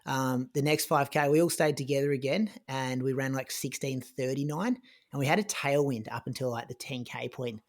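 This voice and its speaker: A man on a podcast, casually retelling a race in a chatty way, full of "like" and quick restarts. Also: mid-range voice. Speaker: podcast co-host recounting his race. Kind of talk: casual conversational storytelling.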